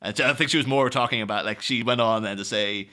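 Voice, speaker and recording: A man co-hosting a casual film podcast, chatty and quick to laugh. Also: mid-range voice, sharp tone. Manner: chatty, laughs often, puts on voices for quotes. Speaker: podcast co-host.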